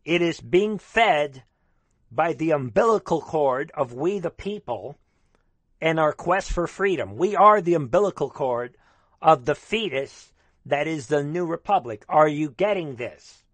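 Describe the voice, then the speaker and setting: A man's voice: on the high side, a bit bright, no room sound. A man delivering a fervent, rambling monologue as a commentator, repeatedly calling out to his audience. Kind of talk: ranting political monologue.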